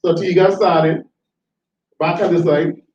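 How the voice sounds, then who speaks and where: High-voiced man in echoey hall. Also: a little slow, a little hiss or hum. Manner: animated storyteller who laughs and repeats himself. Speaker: tribute speaker, former school educator. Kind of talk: anecdotal tribute speech. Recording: roomy, distant, dull hall recording.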